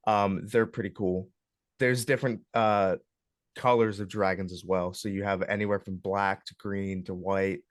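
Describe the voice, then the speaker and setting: A young man leading a club workshop in a casual, relaxed way, hesitating often with ums and uhs as he walks a group through game character options. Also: deep voice, normal speed, no room sound, studio quality. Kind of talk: casual classroom walkthrough. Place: classroom.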